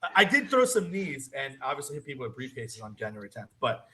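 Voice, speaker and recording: A man guesting on a wrestling talk show, telling stories in a casual, animated way and laughing often between lines. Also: medium pitch, quick pace, low-quality recording. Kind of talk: casual storytelling chat.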